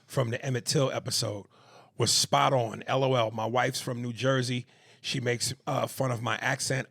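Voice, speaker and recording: A man with a New York accent co-hosting a comedy podcast, talking in profane, animated banter and reading listener messages aloud. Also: mid-range voice, moderate pace, vocal fry. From East Coast of the US. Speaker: podcast co-host.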